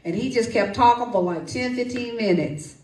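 A woman preaching a lively sermon with testimony and prayer, calling out to her congregation and coaxing responses. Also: a little high, normal speed, recorded from a distance. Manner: lively, call-and-response, folksy. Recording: echoey room, voice from off-mic.

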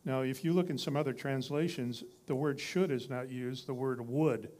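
A man's voice: mid-range voice, steady tone, moderate pace, darkish tone. A man preaching a sermon in a conversational teaching style, reading scripture and building to emphatic repeated lines.

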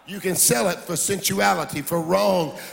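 A male pastor preaching a sermon in a sing-song cadence that climbs into shouts. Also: high voice, normal speed, creaky, slight background noise. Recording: hall reverb with faint music.

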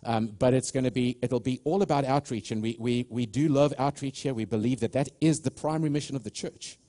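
Mellow-voiced pastor preaching. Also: male voice, medium pitch, fairly quick. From South Africa. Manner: earnest, stop-start with frequent restarts, calls out to the congregation. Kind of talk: live church sermon with announcements. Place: church sanctuary.

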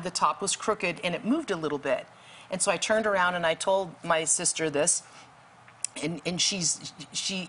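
A woman's voice: on the low side, a bit bright, a little hiss or hum. A woman guest telling a faith story vividly, acting out the dialogue in it. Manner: vivid, acts out quoted dialogue. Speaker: guest author. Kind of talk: storytelling testimony.

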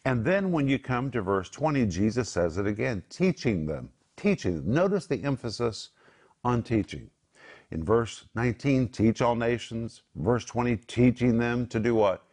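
A man's voice: medium pitch, animated, normal speed, darkish tone. A man co-hosting a Christian program, teaching from the Bible in an emphatic preaching cadence.

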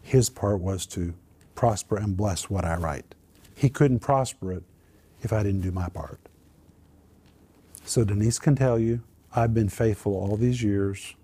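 An earnest, lively storyteller, this Christian minister and author relates his personal testimony. He speaks in a lowish, slightly rough voice and takes his time.

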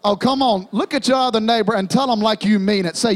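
Young male pastor, very high voice, rousing call-and-response sermon with sung hymn lines. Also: expressive, a little fast, few pauses. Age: young adult. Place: church sanctuary.

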